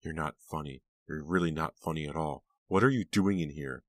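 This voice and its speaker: A man's voice: rumbling low, moderate pace, a bit bright, no echo. A man voicing an exasperated teenage girl who snaps at her sister. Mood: snappish. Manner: snappish, exasperated. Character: snappy teenage girl, art student.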